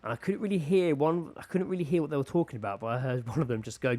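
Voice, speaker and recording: A man co-hosting a podcast in casual chat, animated, laughing a lot and swearing freely. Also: on the high side, racing. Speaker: podcast co-host.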